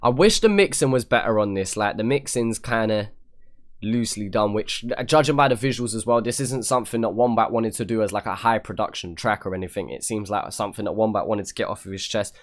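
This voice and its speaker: British man with a low voice reacting to music. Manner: chatty, pauses the track to comment, jumps up in pitch when excited. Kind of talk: casual reaction commentary. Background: the reviewed track playing faintly.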